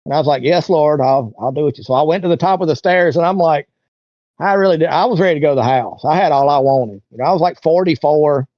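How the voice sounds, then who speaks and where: In a casual storytelling moment, an interview guest speaks at a quick pace in a fairly high-pitched voice, acting out quoted voices. The lo-fi recording is dull and dry, without any room sound.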